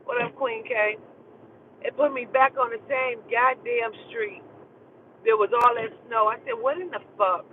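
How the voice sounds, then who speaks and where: A man with a high voice tells a story in an animated and profane way, throwing out exclamations as he streams from his car. The sound is thin and phone-like, with a faint hum of the vehicle underneath. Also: a little slow. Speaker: live streamer. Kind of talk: casual live-stream storytelling. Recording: tinny phone audio with faint vehicle noise.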